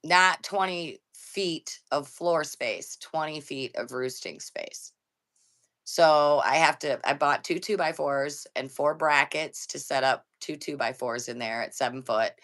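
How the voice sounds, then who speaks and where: Low-voiced blunt older woman. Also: unhurried, fairly bright tone. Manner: blunt, joking, swears casually. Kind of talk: casual live-stream chat.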